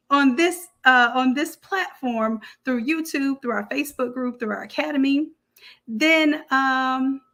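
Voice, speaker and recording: A woman with a Southern US accent hosting a casual livestream Q&A, animated and preachy as she fires up her viewers. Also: high voice. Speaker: online design academy host.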